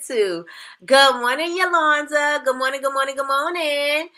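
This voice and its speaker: A middle-aged woman hosting a casual livestream chat, animated, greeting viewers by name and laughing often. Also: high-pitched, moderate pace. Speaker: livestream host.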